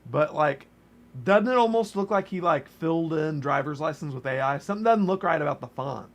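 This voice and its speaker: Brief: laid-back male streamer, a bit high, gravelly, loose profane chat. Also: animated, brisk. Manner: laid-back, swears casually. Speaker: livestream co-host. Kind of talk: casual livestream chat.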